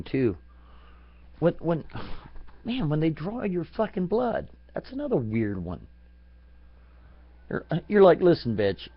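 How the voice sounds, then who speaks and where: A man's voice: lowish voice, no echo. A man ranting crudely and comically, often breaking into laughter at his own jokes. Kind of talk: profane comedic rant to a stream. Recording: dull lo-fi home recording.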